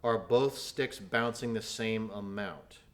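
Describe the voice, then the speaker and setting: A man's voice: lowish voice, slow pace, a bit bright. A man teaching snare drum in a video lesson, explaining technique patiently and counting aloud as he demonstrates.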